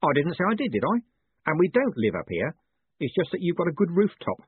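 A man's voice: on the high side, wildly swooping pitch, a little fast, breathy edge, dry recording, voice pushed up, exaggerated voice. A man doing a cheeky, evasive rooftop rogue. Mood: breezy. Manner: breezy, evasive. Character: cheeky male rooftop signaller with a mug. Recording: tinny, phone-like, dry.

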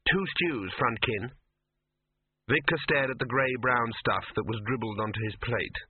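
Man, audiobook narration, husky, tinny phone-like sound. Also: medium pitch, fairly quick. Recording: tinny, phone-like dry recording.

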